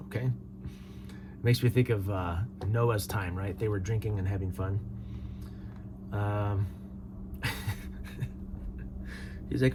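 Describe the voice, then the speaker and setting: A man's voice: on the low side, lively intonation, a little slow, pauses often, darkish tone, a little hiss or hum. A man hosting a casual solo commentary show, reading viewer comments aloud and replying with dry chuckles. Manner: laid-back, reads comments aloud and replies with chuckles.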